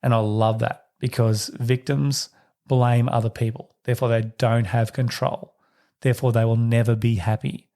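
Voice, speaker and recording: A man's voice: flat delivery, normal speed, mellow. A man hosting a solo parenting podcast, talking to listeners in a reflective, conversational way. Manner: acts out quoted voices in a higher pitch. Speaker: podcast host.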